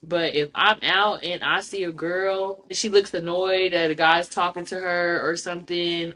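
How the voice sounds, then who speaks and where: A woman hosting a podcast in casual chat, blunt, profane and outspoken, telling stories with animation. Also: lowish voice. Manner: animated storyteller. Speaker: podcast host.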